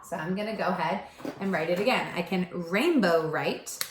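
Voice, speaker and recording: A woman teaching a pre-K phonics lesson, gently sounding out letters and words with exaggerated repetition. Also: fairly low pitch, normal speed, roomy sound, a little hiss or hum. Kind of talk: slow early-childhood phonics lesson.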